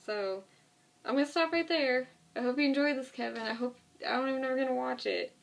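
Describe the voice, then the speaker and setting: A woman's voice: high-pitched, fast, creaky, distant mic. A young woman casually retelling a TV episode to a friend, rambling with lots of "like" and the odd swear word. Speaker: vlogger.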